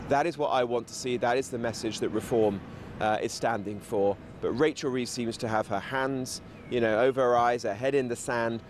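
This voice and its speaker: A man appearing as a politician guest on a radio show, laying out his case in steady, rhetorical lists. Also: mid-range voice, background noise. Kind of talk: political talking points.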